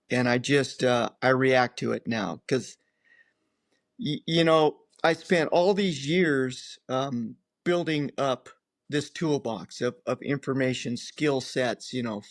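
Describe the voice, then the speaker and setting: Older male guest, casual storyteller, lively voice, recorded dry. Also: mid-range voice, takes it slowly, no echo. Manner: rambling, animated, acts out others' lines. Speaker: guest, professional angler.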